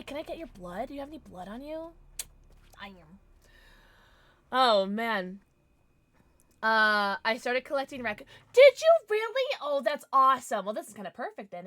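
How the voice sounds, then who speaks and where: A woman streaming a horror game live, chatting with her viewers, thanking them and reacting loudly to scares. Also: medium pitch, moderate pace, long pauses, dry recording.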